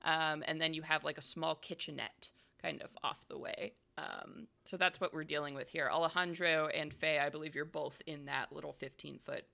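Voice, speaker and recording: A woman's voice: low voice, steady tone, normal speed, vocal fry, pushed and bright. A woman narrating and explaining rules as game master of a tabletop horror game, in a chatty, explanatory way with many fillers.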